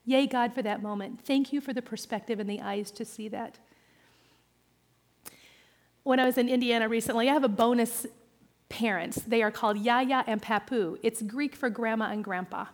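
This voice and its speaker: A woman's voice: a little high, moderate pace. Woman pastor preaching in a reverberant hall. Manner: personal and animated, with self-deprecating humor. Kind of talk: sermon.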